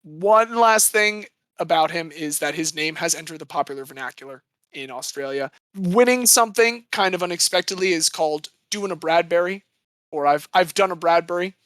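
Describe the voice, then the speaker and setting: Bright, chatty man with a dry close sound. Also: fairly high pitch, normal speed, dry recording. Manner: chatty, enthusiastic storytelling with playful asides. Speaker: podcast co-host. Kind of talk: casual sports chat.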